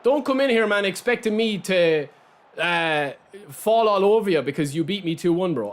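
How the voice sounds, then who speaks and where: A man's voice: high voice, lively intonation, moderate pace. A man with an Irish accent streaming a football video game, chatting casually and answering viewers directly. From Ireland. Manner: talks straight to chat, reads out and answers viewers' messages. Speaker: gaming streamer. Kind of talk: casual live-stream chat while playing.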